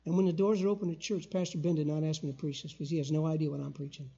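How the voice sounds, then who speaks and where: An older man preaching a sermon as a guest pastor in a church, emphatic, with loud call-and-response bursts. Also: on the high side, level tone, very fast, creaky, slightly rough, muffled recording. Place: church sanctuary.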